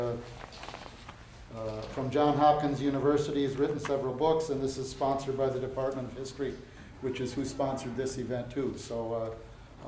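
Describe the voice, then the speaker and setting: A man moderating a university event. He makes announcements and sets the rules for questions in a relaxed way, with uh fillers. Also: mid-range voice. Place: lecture room at a university. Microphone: no microphone, room recording. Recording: echoey room with faint noise.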